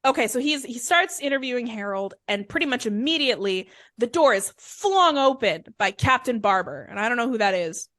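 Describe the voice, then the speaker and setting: A woman's voice: a little high, expressive, brisk, few pauses, a bit bright, dry recording, clean studio sound. A woman podcast host telling a crime story in a chatty, irreverent way, swearing freely. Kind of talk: casual comedic storytelling.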